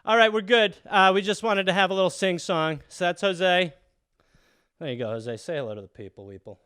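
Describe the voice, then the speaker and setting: A man's voice: sits high, a little fast, fairly bright tone, smooth, no echo, studio quality. A man hosting a casual livestream, rambling through plugs and then singing made-up rhymes to his cat. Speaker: podcast host.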